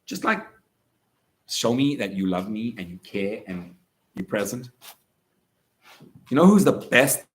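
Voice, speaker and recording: Animated rabbi talking to teens. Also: male voice, fairly low pitch, unhurried, pauses often. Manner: animated, conversational, acts out quotes. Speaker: rabbi speaking to students. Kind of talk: lively motivational talk.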